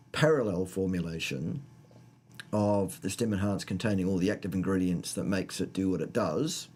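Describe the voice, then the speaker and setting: A man's voice: lowish voice, dark tone, husky. A man with a New Zealand accent hosting a casual livestream, rambling and joking as he greets viewers by name. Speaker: livestream host.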